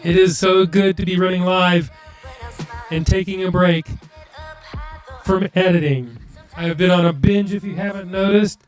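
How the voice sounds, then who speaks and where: A man's voice: high-pitched, steady tone, normal speed, long pauses, soft background music. A man hosting a live stream, chatting casually with viewers and muttering to himself while fixing his audio.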